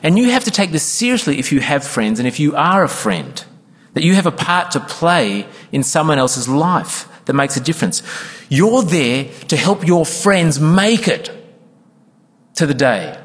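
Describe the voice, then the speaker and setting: A pastor with a fairly high, slightly bright voice preaches in an unhurried, sing-song manner. Earnest and emphatic, he sometimes performs the lines of congregation members he quotes. The recording carries the long reverb of a church hall.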